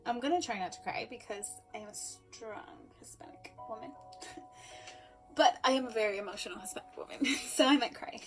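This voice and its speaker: A woman giving a personal storytelling speech, emotional, swinging between loud emphasis and hushed asides. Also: fairly high pitch, fairly quick, faint music behind. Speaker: speaker.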